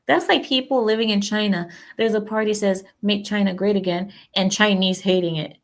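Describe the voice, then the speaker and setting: A woman hosts a livestream in a medium-pitched voice with fairly even intonation and normal speed. She chats casually about politics, rambling through her opinions and talking back to viewers.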